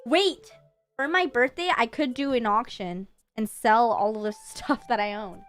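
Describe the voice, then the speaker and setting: A woman from Canada with a Canadian English accent, hosting a casual livestream chat in a playful, chatty way with quick laughs. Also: a little high, a bit bright, faint music behind. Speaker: livestream host.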